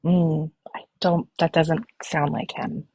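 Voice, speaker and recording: A woman's voice: sits low, flat delivery, takes it slowly, warm tone, husky, dry recording. A woman speaking as a guest on a live stream, worried and rambling with many fillers. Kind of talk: casual chat.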